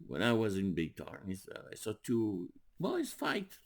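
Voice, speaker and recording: An older man, a rabbi, telling stories in a sermon with animated, rising emphasis. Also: fairly low pitch, slow. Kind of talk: storytelling sermon.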